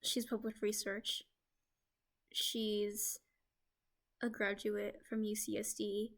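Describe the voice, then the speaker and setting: A woman's voice: medium pitch, completely flat delivery, slow, creaky. A young American woman talking in a casual, rambling vlog on her laptop microphone, full of "like" fillers. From United States. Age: young adult. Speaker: vlogger. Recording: lo-fi laptop recording.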